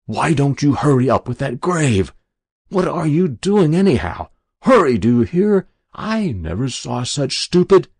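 A man voicing a shaken army adjutant who shouts in a raised, strained voice. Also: mid-range voice, sing-song, measured pace, breathy edge, no room sound, studio quality, pitched above the performer's own voice. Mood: furious. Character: agitated male army adjutant, shaken and loud.

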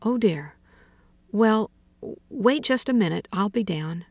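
A timid, fretful young woman from a storybook, as a woman reading the story gives her voice. She speaks hesitantly, with a slightly gravelly tone. The close, dry recording keeps every word near. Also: medium pitch, expressive, unhurried, no echo.

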